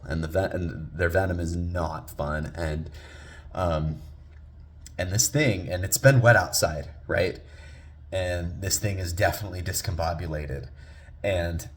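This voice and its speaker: A man in his thirties, a father, telling a personal story in a lively way that rises loud and sinks to a hush. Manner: lively, climbs loud on exciting beats and drops low and hushed at tense moments.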